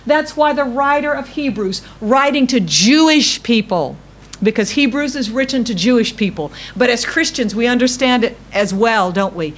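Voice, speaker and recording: A woman preaching from the pulpit in a fairly high voice. She repeats key phrases for emphasis, asks the congregation questions, and stretches her pauses slowly between phrases. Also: expressive. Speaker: pastor. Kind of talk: sermon.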